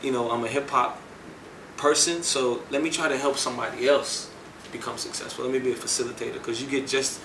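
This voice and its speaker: A man, a music producer, telling his story in an interview at an indoor venue, animated and acting out the dialogue he recounts. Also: mid-range voice, fairly quick, background noise. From United States. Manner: animated, acts out quoted dialogue. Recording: echoey room, mic at a distance.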